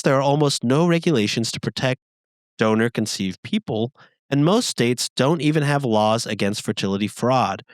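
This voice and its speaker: A man co-hosting a podcast, casually reading listener messages aloud with lively, rising emphasis. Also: on the high side, no echo.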